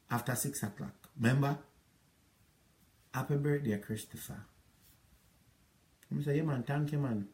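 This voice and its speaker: A man's voice: mid-range voice, darkish tone. A middle-aged man with a Jamaican accent, rambling through an aggrieved spoken account of a past relationship. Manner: rambling, aggrieved, patois-inflected storytelling. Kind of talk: monologue recounting a past relationship.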